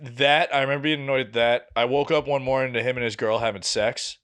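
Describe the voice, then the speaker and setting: A young man in his twenties telling a long story on a casual podcast, profane and animated, acting out what people said. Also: medium pitch, quick pace, clean tone. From New England. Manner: animated, profane, acts out quotes. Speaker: podcast co-host.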